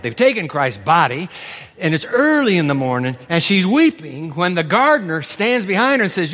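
A man's voice: on the high side, fairly quick. A man preaching a sermon from the pulpit, acting out biblical dialogue in different voices. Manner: animated, acts out biblical dialogue. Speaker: pastor. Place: large church hall. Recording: reverberant church hall.

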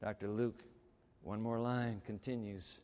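A man preaching a sermon, dramatic, swinging between loud exclamations and hushed, tender passages. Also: on the low side, fairly even intonation, a little slow, big-room sound.

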